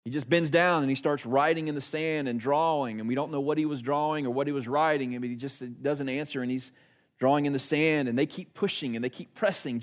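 A man's voice: medium pitch, brisk. A man in his forties preaching a sermon in an earnest, conversational way, repeating phrases for emphasis. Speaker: pastor. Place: church service.

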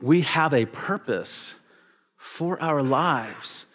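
A man preaching a casual, animated sermon to teenagers, joking with them and acting out the stories he tells. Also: a little high, drawn-out words. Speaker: youth pastor.

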